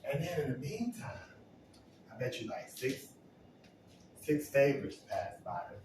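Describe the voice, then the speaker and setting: Man, lively storyteller who acts out the voices he quotes, heard from a distance in a very echoey room over steady background noise. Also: medium pitch, measured pace. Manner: animated, acts out quotes, laughs often. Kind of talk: casual anecdote storytelling.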